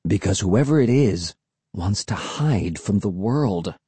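A man's voice: animated, slow pace, warm tone, husky, dry recording, heavily acted. A man murmuring as a scared kid lost in a swamp. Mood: fearful murmur. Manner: low, murmured, fearful. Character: frightened young sibling lost in a swamp.

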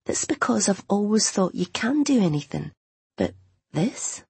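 A woman's voice: mid-range voice, sing-song, unhurried, vocal fry, warm tone, husky, no room sound, voice pushed up, exaggerated voice. A woman voicing Jenny, a blunt, exasperated young best friend, in an audiobook. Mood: exasperated, worried. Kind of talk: audiobook character voice.

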